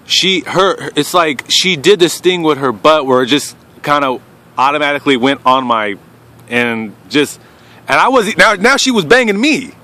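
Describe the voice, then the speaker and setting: A young man telling a crude personal story to camera in a casual, rambling way, often trailing off quietly. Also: fairly high pitch, expressive, moderate pace. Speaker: vlogger.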